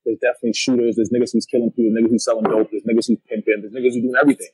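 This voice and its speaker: A man's voice: medium pitch, flat delivery, rapid-fire, a little mellow, slightly rough, dry recording, poor audio. A young man with a Toronto accent, a battle rapper talking bluntly and streetwise in a casual interview. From Canada. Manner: streetwise, blunt, frequent slang and "you know what I mean".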